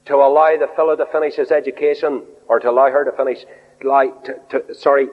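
A fairly high-voiced man preaches with animated swings in pitch. He acts out quoted voices and drops in wry asides. The old, muffled recording carries a long hall reverb. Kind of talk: sermon.

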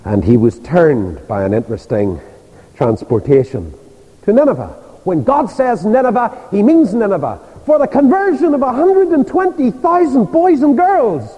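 Animated Northern Irish preacher, older man. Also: very high voice, moderate pace, husky. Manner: animated storytelling, acting out voices. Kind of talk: sermon. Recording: dull reverberant church hall.

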